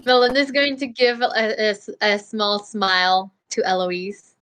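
A woman's voice: mid-range voice, flat delivery, measured pace, fairly bright tone, smooth. A woman player chattily describing her character's actions in a tabletop role-playing game. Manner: chatty, giggly narration of actions. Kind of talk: tabletop role-play chat.

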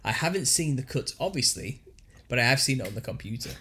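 A man's voice: medium pitch, expressive, fast talker, bright, forceful tone, husky. A man co-hosting a podcast, reading news articles aloud with frequent laughter and put-on voices for quotes. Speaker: podcast co-host.

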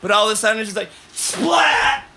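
A man hosting a podcast who tells a long, rambling story in a casual, animated way and coughs between lines. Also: high voice, very fast, very noisy. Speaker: podcast host.

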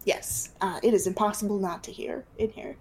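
A woman's voice: medium pitch, a little fast, darkish tone, husky, low-quality recording. A woman running a tabletop game as game master, narrating in a casual way with many fillers.

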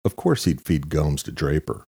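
A man narrating an audiobook thriller chapter in a steady, even storytelling manner. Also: very deep voice, normal speed, vocal fry, husky, dry recording, studio quality. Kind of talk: scripted narration.

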